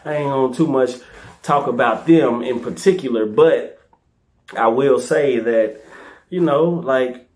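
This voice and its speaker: A middle-aged man hosting his own video series, telling personal stories in a loose, animated way. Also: medium pitch, unhurried. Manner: loose and animated, fillers like "you know what I'm saying". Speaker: host of a karaoke video series. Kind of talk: casual personal storytelling.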